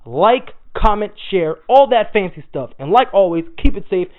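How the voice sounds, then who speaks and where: A young man giving a casual, profane, animated recap of a manga chapter, swearing freely and talking in slang. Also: sits high, normal speed. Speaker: anime manga reviewer. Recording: tinny phone-like audio.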